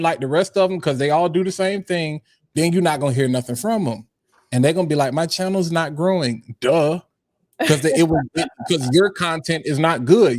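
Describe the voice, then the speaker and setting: Blunt slangy man ranting, high voice. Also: no room sound, clean studio sound. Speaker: panelist. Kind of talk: casual panel chat.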